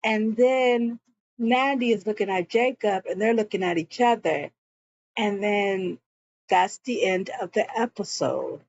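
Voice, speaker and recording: Woman recapping an episode real slow, lots of "and he was like", kinda dull lo-fi audio. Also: medium pitch, a little mellow. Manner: retells scenes with frequent "and he was like". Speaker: show recap vlogger.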